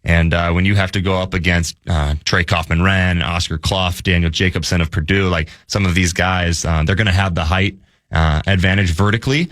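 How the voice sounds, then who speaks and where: A man's voice: sits low, fairly even intonation, a little fast, a bit bright, dry recording, studio quality. A young man, talking sports on the radio in an earnest way, with many restarts and fillers. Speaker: sports radio guest analyst. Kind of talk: casual sports talk. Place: radio studio. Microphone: studio mic.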